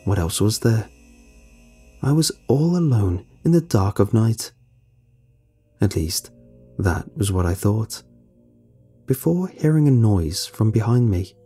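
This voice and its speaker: A man narrating a first-person horror story in a tense, measured way with dramatic pauses. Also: on the low side, lively intonation, warm tone, slightly rough, soft background music.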